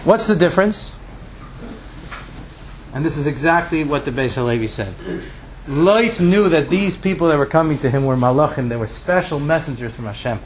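A man telling a Jewish tale with a moral, acting out the characters' lines in an animated way. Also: a little high, normal speed, a little hiss or hum, poor audio. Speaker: storyteller. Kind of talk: telling a Jewish story with a lesson.

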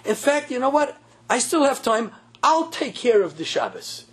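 A man's voice: very high voice, sing-song, moderate pace, fairly bright tone, husky, pitched above the performer's own voice, exaggerated voice. A man voicing an eager, well-meaning wealthy man who insists on helping.

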